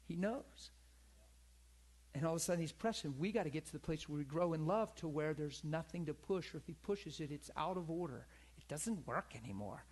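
A man's voice: a little high, a little fast, darkish tone. A middle-aged man preaching a sermon in a conversational, storytelling way, calling out to his congregation.

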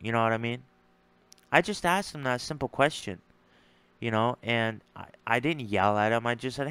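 A man's voice: medium pitch, normal speed, fairly bright tone, clear, resonant tone, no room sound. A man ranting bluntly and with profanity in a casual monologue, frustrated and repeating himself as he responds to an argument. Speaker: streamer responding to a debate.

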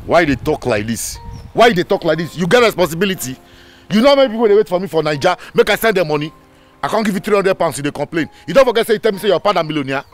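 An actor with a Nigerian Pidgin English accent playing a brash, streetwise young man who talks loud and mocking. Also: high-pitched, expressive, very fast, soft background music. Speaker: actor in a comedy film. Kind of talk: film comedy acting.

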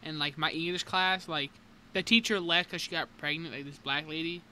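Bright, animated young chatterer. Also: medium pitch, a little fast, a little hiss or hum. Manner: animated, profane storytelling. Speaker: podcast co-host. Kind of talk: casual chat.

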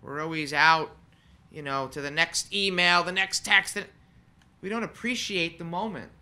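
A man serving as funeral celebrant, giving an earnest, heartfelt eulogy in a conversational manner with pauses. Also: on the high side, bright, forceful tone. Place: funeral home chapel.

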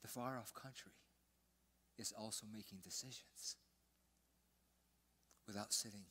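An older male pastor with a fairly low voice, preaching a sermon in a church. He tells his story with sudden loud emphasis, then drops to a hushed near-whisper. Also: steady tone, unhurried, slightly rough. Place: church sanctuary.

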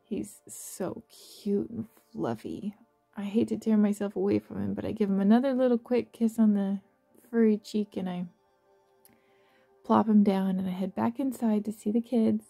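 A woman narrating a guided visualization in a soft, slow, affectionate way, with gentle laughs. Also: mid-range voice, steady tone, gravelly, faint music behind. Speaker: meditation guide.

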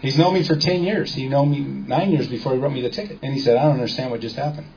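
A man's voice: medium pitch, fast, darkish tone. A man giving a casual lecture to a small audience, telling stories and quoting people in dialogue while quizzing the listeners. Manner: storytelling, quotes people in dialogue, asks the audience questions. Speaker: seminar speaker. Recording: dull lo-fi recording with faint background noise.

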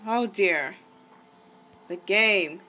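A woman giving casual let's-play commentary, excitable, gasping and exclaiming at the game. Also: mid-range voice, extremely slow. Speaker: gaming channel host.

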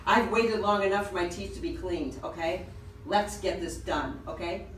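A woman's voice: fairly low pitch, normal speed. Defiant woman arguing in an echoey office. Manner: defiant, argumentative. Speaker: angry patient. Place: dental office reception. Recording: distant, echoey, noisy room.

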